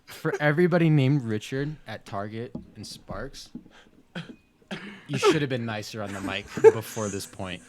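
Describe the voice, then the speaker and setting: A young man co-hosting a casual podcast, telling a story in an animated, laughing way. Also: medium pitch, normal speed. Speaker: podcast co-host.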